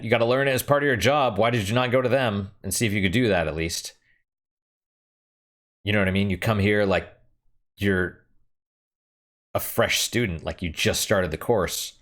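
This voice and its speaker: Deep-voiced rambling male streamer. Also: a bit bright. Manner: rambling, frank, swears casually. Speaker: gaming streamer. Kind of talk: casual chat while playing a game.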